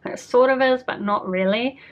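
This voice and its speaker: A woman's voice: a little high, moderate pace. Chatty New Zealand woman, lo-fi. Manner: chatty and self-deprecating, with frequent fillers. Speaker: book vlogger. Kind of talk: casual vlog chat. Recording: slightly dull lo-fi sound.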